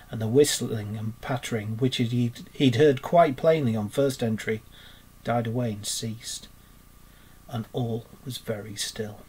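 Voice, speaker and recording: A man reading a children's book aloud for a school in a steady, measured narration. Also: medium pitch, slightly rough. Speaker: school storyteller.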